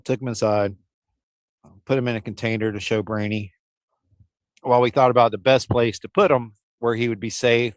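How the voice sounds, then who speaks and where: A man with a fairly low-pitched voice rambles casually to live-stream viewers while standing outdoors by a smoker, sounding a little out of breath. His manner is folksy and he calls his audience "y'all"; there's no room sound.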